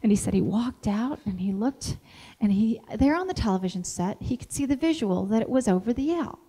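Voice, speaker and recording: A middle-aged woman giving a motivational talk as an animated storyteller who acts out the dialogue. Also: on the high side, fairly quick, breathy edge. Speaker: motivational speaker.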